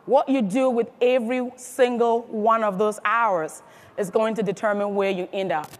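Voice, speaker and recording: A woman's voice: on the high side, steady tone, normal speed. A woman giving a motivational speech to a live audience, emphatic and firing questions at the crowd. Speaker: motivational speaker at a sales event.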